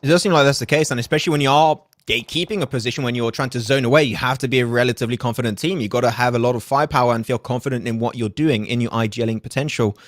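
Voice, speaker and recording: A man casting a live mobile shooter tournament, fast play-by-play commentary with joking asides. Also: medium pitch, no room sound, clean studio sound. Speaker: esports caster.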